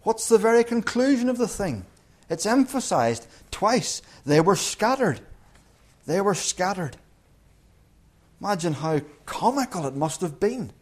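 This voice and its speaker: Man, preacher, sermon, lively humorous storytelling, slightly high pitch. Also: unhurried. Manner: lively storytelling, acting out voices with humour.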